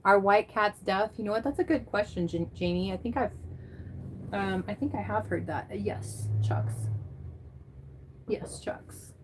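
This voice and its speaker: A woman's voice: medium pitch, a little slow, noisy background. A woman livestreamer chatting casually and rambling as she answers viewers by name. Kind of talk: casual chat reading live comments.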